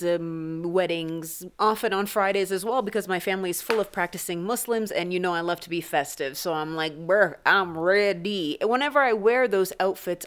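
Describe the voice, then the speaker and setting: A woman hosting her own podcast, talking casually from a small isolation booth in an animated, jokey way and swearing freely. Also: fairly low pitch, clear, resonant tone. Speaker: podcast host. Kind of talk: casual solo podcast monologue.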